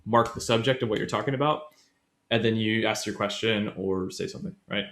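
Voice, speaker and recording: A man's voice: fairly low pitch, fairly quick, a bit bright. A man co-hosting a casual podcast, chatting his way through a language grammar lesson and often correcting himself mid-sentence. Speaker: podcast co-host.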